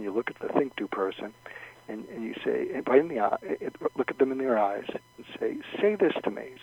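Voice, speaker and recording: A man giving advice as a guest on a radio talk show, explaining step by step and acting out sample lines of dialogue. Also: no echo. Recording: dull low-fidelity radio sound.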